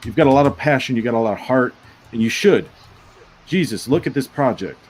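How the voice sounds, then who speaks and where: A man judging pitches on a casual online panel, giving direct, emphatic coaching advice. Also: lively intonation, brisk, darkish tone, slight background noise, poor audio. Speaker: panel judge.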